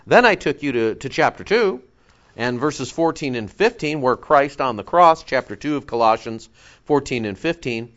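A man preaching a conversational sermon to his congregation, with lively asides and self-corrections. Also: medium pitch, lo-fi sound. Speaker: pastor.

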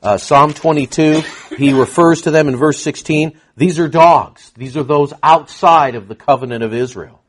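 A man's voice: fairly high pitch, normal speed, hardly any pauses. A man preaching an expository sermon, reading verses aloud and acting out the dialogue with frequent fillers. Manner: animated, acts out scripture dialogue, frequent fillers.

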